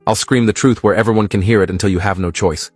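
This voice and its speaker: A man voicing the ghost of a drowned girl, speaking low, quiet and reproachfully in a read horror story. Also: fairly even intonation, fast, husky, no echo. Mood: accusing.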